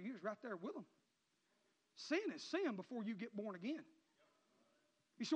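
A man preaching a sermon in a church, swinging between shouted passages and low, quiet murmurs. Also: very animated, normal speed, long pauses, slightly rough. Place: church sanctuary. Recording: muffled sound with long hall reverb.

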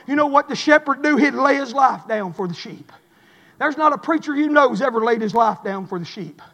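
A man, preaching a sermon in an impassioned, shouting cadence in a church. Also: extremely high pitch. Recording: long reverb of a large hall.

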